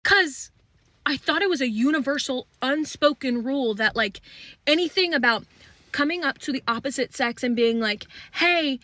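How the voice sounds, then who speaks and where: Young woman, casual storytime, high pitch, dry close phone sound, animated, laughing, swears. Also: moderate pace, no room sound. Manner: animated, swears freely, laughs while telling.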